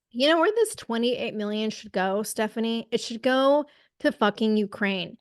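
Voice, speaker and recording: A woman's voice: fairly high pitch, animated, moderate pace, dry recording, clean studio sound. Blunt, profane woman podcast co-host. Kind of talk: casual political chat.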